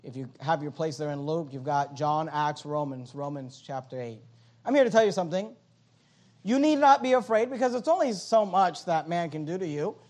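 A man's voice: on the high side, lively intonation, normal speed. A man preaching a sermon, reading scripture aloud and asking and answering questions with emphatic, swinging delivery. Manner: reads scripture aloud, swings between loud and soft.

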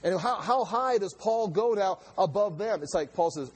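A man's voice: high-pitched, expressive, moderate pace, breathy edge, low-quality recording. A middle-aged man, a pastor, preaching a sermon in a conversational way, with asides and rhetorical questions.

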